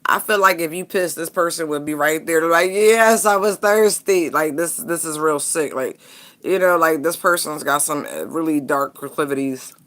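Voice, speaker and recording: A woman's voice: low-pitched, moderate pace, sharp tone. A woman giving a casual tarot reading, talking bluntly and frankly and laughing often. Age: adult parent. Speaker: tarot reader.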